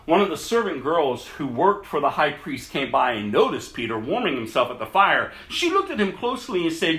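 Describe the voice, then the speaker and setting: A man preaching a casual sermon, reading scripture aloud and swinging from loud emphasis to hushed, low tones. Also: very animated, brisk, few pauses, reverberant.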